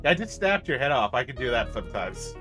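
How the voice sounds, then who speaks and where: A man chatting casually while playing a multiplayer game with friends, making dark jokes. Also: medium pitch, fairly quick, soft background music. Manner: dark edgy jokes, lively. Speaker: co-player.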